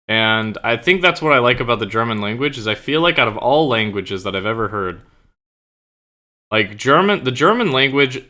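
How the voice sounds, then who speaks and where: A young man with a bright, forceful voice that sits a little low, rambling to his stream chat. He talks casually, full of fillers and offhand swearing, into his own streaming mic.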